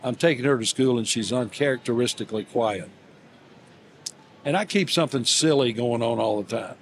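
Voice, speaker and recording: An older man, a guest in an interview, telling warm everyday stories in a halting, gently humorous way, with many fillers and restarts. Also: medium pitch, a little hiss or hum. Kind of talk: reflective storytelling interview.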